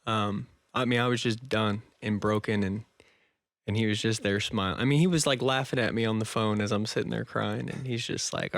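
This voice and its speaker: A man's voice: lowish voice, fairly even intonation, a little fast, no room sound. A young man in his twenties telling an emotional personal story in a casual interview, laughing now and then. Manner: earnest and emotional, laughs often, says "dude" and "man". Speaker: podcast guest.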